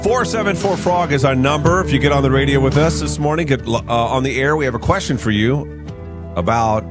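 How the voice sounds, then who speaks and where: A man's voice: mid-range voice, fairly quick, music in the background. A man hosting a morning radio show, joking with his co-host and running a call-in quiz. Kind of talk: casual radio banter.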